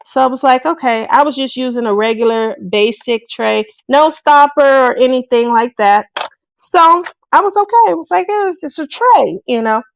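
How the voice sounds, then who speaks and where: A chatty woman host talks to her craft viewers in a casual, laughing way. Her voice sits a little high with a gravelly edge. The sound is dry and close. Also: normal speed, no room sound. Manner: chatty, laughs often, lively asides.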